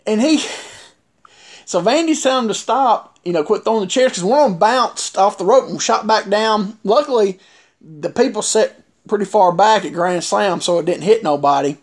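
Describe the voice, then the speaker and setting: A man's voice: high-pitched, lively intonation, normal speed. A man telling a wrestling story in casual chat, rambling with many fillers and restarts.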